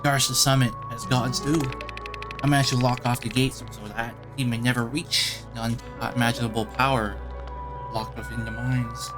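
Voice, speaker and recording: A man's voice: little pitch movement, normal speed, over music, lightly acted. A man voicing a vengeful, bitter old king who has lost his limbs, declaiming theatrically. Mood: grandiose. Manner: theatrical, booming proclamations.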